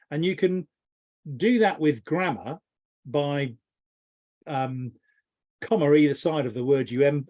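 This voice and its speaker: His voice sits a little high with a darkish tone as this middle-aged business mentor works through a long interview answer. He's thoughtful but rambling, repeatedly breaking off to restart.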